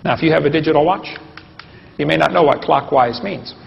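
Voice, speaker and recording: A man's voice: fairly high pitch, a little fast, creaky. A man giving a humorous live lecture, folksy and joking, and asking the audience questions. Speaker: creation science lecturer. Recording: dull lo-fi recording with long hall reverb.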